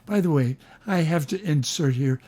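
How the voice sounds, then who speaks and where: An older man hosting a casual chat, explaining hymn harmony with enthusiasm, sometimes slowing down for emphasis and humming bits of melody. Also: on the high side, mellow. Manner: enthusiastic, sings melody fragments, slows for emphasis. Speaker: host, music teacher.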